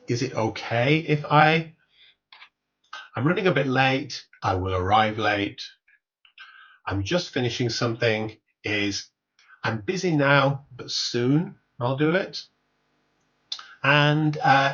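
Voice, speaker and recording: A man teaching workplace English, explaining each phrase clearly and repeating the examples slowly. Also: medium pitch, fairly bright tone, lo-fi sound. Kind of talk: recorded English lesson.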